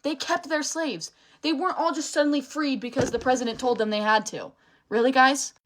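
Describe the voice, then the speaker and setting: In a high, steady voice delivered fairly quickly, a young female creator unleashes a heated rant to camera, with a little hiss or hum in the audio. She's furious and emphatic, cursing a lot and trailing off or starting over mid-sentence.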